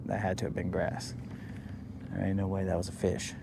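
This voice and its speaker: This man's voice is low and gravelly with a completely flat delivery at normal speed, and there's background noise. He's streaming live while fishing from a boat on a lake, trading jokes and teasing with viewers and talking to himself as he goes.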